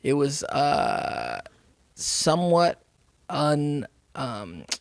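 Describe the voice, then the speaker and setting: A man chatting as a podcast guest, telling stories lively and acting out the people he quotes. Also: on the high side, drawn-out words, gravelly, no room sound. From United States. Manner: lively storyteller who acts out quoted people. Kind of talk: casual interview chat.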